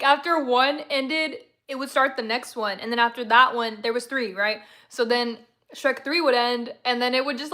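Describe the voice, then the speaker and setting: Woman livestreamer, high voice, chatty, rambling, quick to laugh. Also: pushed and bright. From San Antonio, Texas, USA. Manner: chatty, rambling storyteller who laughs often. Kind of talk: casual chat with viewers.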